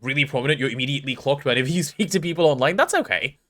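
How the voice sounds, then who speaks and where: A young English man casually chatting on a gameplay livestream, reading chat aloud and joking, quick to apologize. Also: medium pitch, animated, a bit bright. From England.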